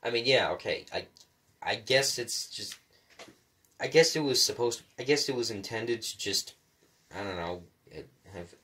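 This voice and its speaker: Lower-voiced man ranting with stammers. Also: normal speed. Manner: stammering, profane, with frequent restarts; rants, then calms into musing. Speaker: solo commentator. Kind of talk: rambling rant to the mic.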